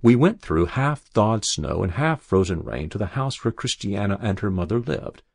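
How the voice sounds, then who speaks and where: Male audiobook narrator, low, gravelly, husky, dry close read, measured storytelling. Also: sing-song, darkish tone, dry recording. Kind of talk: scripted literary narration.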